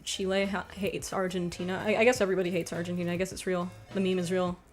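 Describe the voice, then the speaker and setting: A young American woman livestreaming in a casual chat, rambling and animated, swearing often and reading out viewer comments. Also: fairly low pitch, fast talker, faint music behind. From United States.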